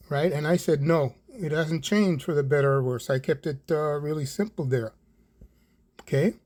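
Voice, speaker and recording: A man's voice: fairly high pitch, fairly even intonation, moderate pace, darkish tone. A middle-aged Canadian man giving an online Bible prophecy talk, rambling, repeating words for emphasis and often asking "right?".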